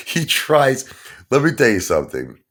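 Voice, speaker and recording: A man's voice: medium pitch, a bit bright. A man with a Brooklyn accent telling a street story in a casual monologue, talking tough and asking "okay?" and "you understand?" again and again. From Brooklyn, New York. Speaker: channel host.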